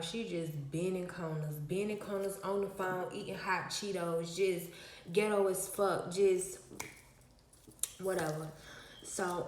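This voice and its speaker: A woman's voice: lowish voice, roomy sound, a little hiss or hum. A woman vlogger telling a story to her viewers in a casual, emphatic, slangy way, with many fillers.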